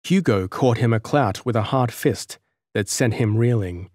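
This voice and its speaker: A male audiobook narrator with a middle-pitched voice, reading at a measured, even pace. The recording is close and very dry, with no room sound. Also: no echo. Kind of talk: scripted narration.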